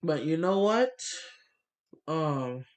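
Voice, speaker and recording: A man ranting bluntly into the camera, swearing often and filling pauses with fillers, his nose stuffy from a cold. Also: a little high, animated. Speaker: vlogger. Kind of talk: ranting monologue.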